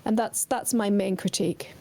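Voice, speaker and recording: A woman's voice: mid-range voice, steady tone, moderate pace, a little mellow. A woman guest on a gaming podcast, giving firm opinions and repeating words as she starts her sentences. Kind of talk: casual podcast chat.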